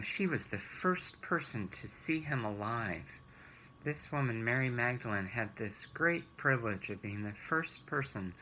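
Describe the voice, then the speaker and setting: Male children's Bible teacher, gentle storyteller, gravelly and slow-paced. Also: fairly low pitch, slight background noise, rough recording.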